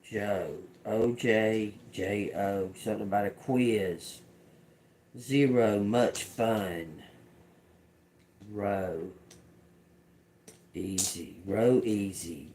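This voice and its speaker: A woman doing an intuitive tarot reading. She repeats channeled words slowly and quietly, then turns chatty when she explains them to viewers. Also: extremely low pitch, slight background noise. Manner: slow, murmured repetition of channeled words. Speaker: tarot reader.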